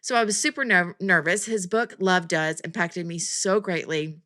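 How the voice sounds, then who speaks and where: A woman's voice: on the low side, normal speed, bright, forceful tone. A woman hosting a podcast, telling a story in a chatty, self-deprecating way with bursts of laughter. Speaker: podcast host.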